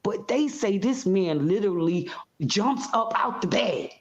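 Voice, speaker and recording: A woman guest in a casual interview, telling her story in an animated, expressive way and acting out scenes. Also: medium pitch, measured pace. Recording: slightly muffled audio.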